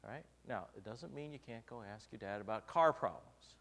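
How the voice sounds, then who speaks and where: Gravelly-voiced guy preaching, funny marriage stories, goes loud then quiet, big echoey church hall. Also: mid-range voice, lively intonation, fairly quick. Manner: humorous storytelling, shifts between loud and soft. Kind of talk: sermon with personal stories. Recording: long reverb of a large hall.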